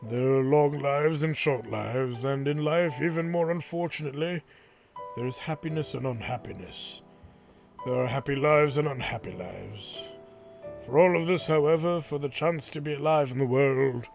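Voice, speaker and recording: Gravelly-voiced man reading a game story. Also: medium pitch, moderate pace, faint music behind. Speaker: let's play host. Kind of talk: slow dramatic narration of game text.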